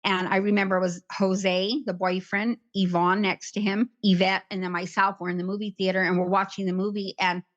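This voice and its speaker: Talking briskly and almost without pausing, a woman in her fifties shares emotional memories of a painful past during an interview, drifting from one recollection to the next. Her medium-pitched voice has a flat delivery, and the sound quality is lo-fi.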